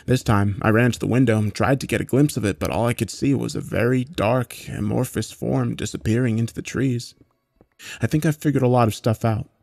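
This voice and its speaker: A man narrating a horror story in a measured, matter-of-fact way, with occasional swearing. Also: mid-range voice, creaky, darkish tone, no room sound, clean studio sound.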